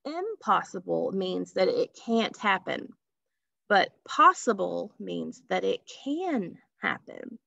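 A woman's voice: mid-range voice, big pitch swings, takes it slowly, vocal fry, sharp tone, no room sound. A woman teaching a phonics lesson to children, patiently stretching out sounds and asking questions. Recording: dull lo-fi recording.

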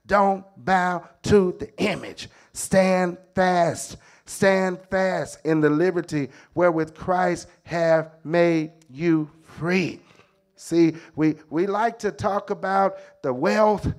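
A man's voice: high-pitched, slow. A middle-aged man preaching a sermon as a bishop, emphatic, repeating his phrases and calling out "come on".

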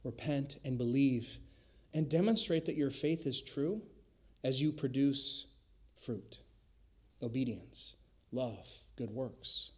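A male pastor preaching a sermon in a church, emphatic, slowing and dropping to a hush on key words. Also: medium pitch. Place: church sanctuary.

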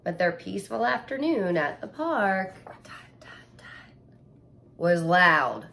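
Expressive woman teacher reading aloud. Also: on the low side, slow pace, gravelly, a little hiss or hum. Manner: expressive, with sound effects and questions to the listener. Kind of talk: reading a picture book aloud to children.

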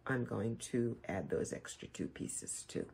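This quilting teacher has a rumbling low, creaky voice that's a little mellow and slightly rough, with lively intonation and an unhurried pace. She sews while chatting to viewers in a casual tutorial style.

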